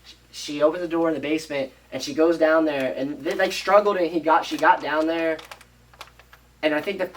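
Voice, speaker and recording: A man on a podcast casually retelling a movie plot, rambling and animated, acting out the characters' lines and swearing freely. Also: fairly high pitch, fairly quick, recorded from a distance, slight background noise, low-quality recording. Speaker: podcast co-host.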